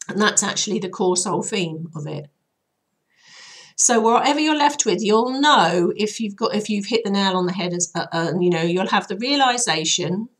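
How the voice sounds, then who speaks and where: A woman healer hoarsely guiding listeners through an emotional release process in a chatty, rambling way, with many fillers. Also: medium pitch, a bit bright. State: voice hoarse and troubled. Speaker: healer and channel host. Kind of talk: casual spoken guidance.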